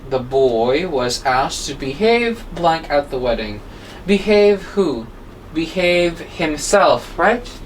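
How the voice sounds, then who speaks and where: A woman teaching English grammar online, unhurried and patient, checking in with her students often. Her voice sits a little back from the microphone. A faint noise runs underneath. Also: sits low, sing-song. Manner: patient, explaining step by step, asks rhetorical questions. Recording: distant mic with faint background noise.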